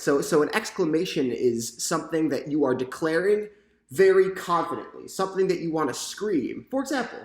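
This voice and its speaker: A man's voice: a little high, roomy sound. A man giving a sample lesson on punctuation, explaining step by step and often checking in with "right?". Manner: explanatory, asks the class questions, frequent "right?". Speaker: teacher.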